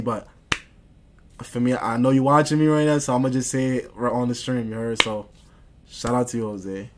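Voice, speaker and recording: A man's voice: mid-range voice, steady tone, moderate pace, noisy background. A young man livestreaming and answering chat in slangy, boastful casual talk. He keeps repeating phrases and often drops to a mutter.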